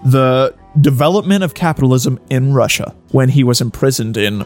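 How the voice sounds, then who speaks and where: Man, podcast co-host, comedic reading, profane, over-the-top, lively pitch. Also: normal speed, faint music behind.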